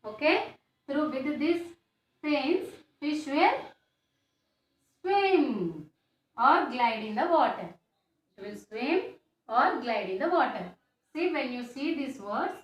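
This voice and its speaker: A woman teacher, explaining a science lesson to children slowly and repetitively, often ending with a questioning "no?". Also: high voice. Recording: echoey room, faint background noise.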